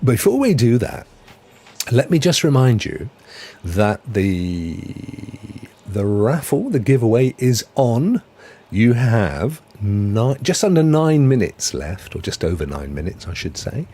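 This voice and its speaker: Lively, jokey man streaming. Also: mid-range voice, slow pace, breathy edge. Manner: jokey, chatty, laughs often, animated delivery. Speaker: host of a gaming news stream. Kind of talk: casual live-stream chat.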